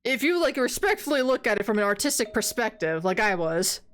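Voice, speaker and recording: A woman's voice: medium pitch, very animated, brisk, a bit bright. Giggly, rambling young woman streamer. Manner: rambling, giggly, lots of fillers. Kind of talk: casual gaming commentary.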